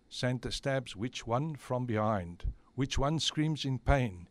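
A man's voice: medium pitch, slow pace, few pauses, dry recording. A man narrating a comic storybook tale in a matter-of-fact way with wry asides.

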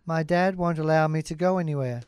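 A man's voice: fairly high pitch, brisk, darkish tone, clear, resonant tone, no echo, studio quality, close to an everyday voice. A man doing a pleading young princess. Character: sad, restless young princess.

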